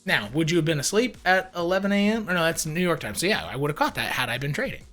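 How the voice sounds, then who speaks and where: A man giving casual screen-share commentary on crypto charts, animated and wry, with mock-panicked asides and casual swearing. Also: on the high side, quick pace, soft background music.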